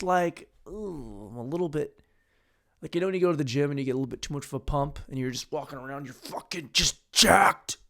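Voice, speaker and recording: A young man hosting a solo comedy podcast, rambling through crude, self-mocking jokes, dropping into mumbled asides and then jumping to loud bursts. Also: fairly high pitch. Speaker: podcast host.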